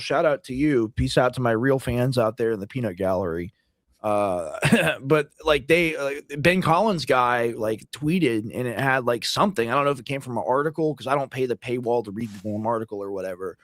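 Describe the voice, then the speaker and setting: A man's voice: mid-range voice, a bit bright, dry recording, clean studio sound. A man co-hosting a casual livestream chat, rambling and leaning hard on "like" as filler. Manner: rambling, heavy use of "like" fillers. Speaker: co-host.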